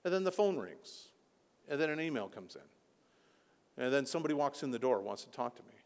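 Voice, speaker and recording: A man preaching a sermon as a pastor, impassioned, rising to near-shouting peaks. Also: medium pitch, very animated, normal speed. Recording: long hall reverb.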